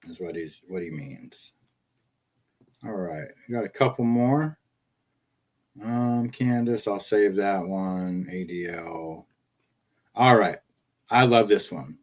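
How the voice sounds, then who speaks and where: Male host, lower voice, easygoing commentary, lets sentences trail off. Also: slow, long pauses. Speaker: streamer host reacting to clips. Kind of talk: casual commentary.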